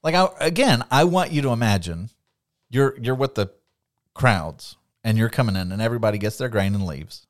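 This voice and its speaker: A man co-hosting a Bible study podcast, teaching in a lively, conversational way, laughing often and acting out quotes. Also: mid-range voice, normal speed, no room sound, clean studio sound.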